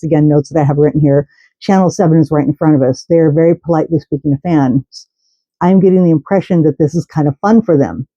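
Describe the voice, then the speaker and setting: A woman's voice: deep voice, mellow, dry recording, lo-fi sound. Chatty woman telling a story to camera. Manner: chatty and rambling, with restarts. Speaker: host. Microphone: camera mic.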